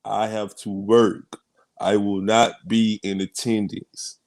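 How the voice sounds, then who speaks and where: A man's voice: lowish voice, level tone, slow pace, a little mellow. Emotional, earnest man holding back tears. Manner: emotional, earnest, repeats "man" and restarts often. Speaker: co-host. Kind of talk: heartfelt closing remarks on a sports show.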